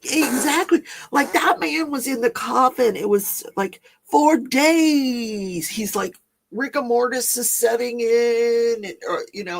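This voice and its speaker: On her casual livestream, a fairly high-pitched woman with a creaky, unhurried voice chats and giggles her way through viewer comments, reading them aloud and reacting.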